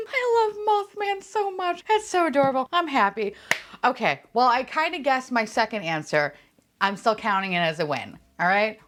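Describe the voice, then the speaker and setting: Gushing woman with a lively voice. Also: medium pitch. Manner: gushing, squeals and laughs often. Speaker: unboxing vlogger. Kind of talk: excited unboxing chatter.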